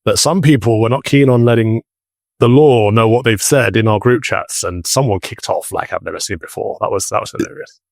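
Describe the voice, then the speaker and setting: A man who is a priest, co-hosting a podcast, chatting in a friendly way with quick asides. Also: mid-range voice, gravelly, dry recording, studio quality. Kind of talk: casual chat.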